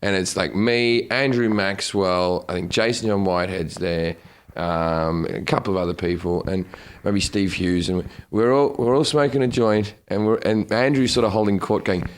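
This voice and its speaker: A man's voice: low voice, fairly even intonation, moderate pace. A man hosting a comedy podcast, telling crude stories in a loose, rambling way. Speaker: podcast host. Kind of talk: casual comedy podcast chat.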